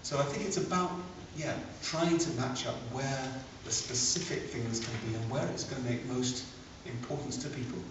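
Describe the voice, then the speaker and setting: A man speaking as a panelist at a book launch, measured and pausing to choose his words. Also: medium pitch, music in the background. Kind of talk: panel discussion talk. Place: large echoey room at a public event. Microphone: distant room mic. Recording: echoey, lo-fi, from far off.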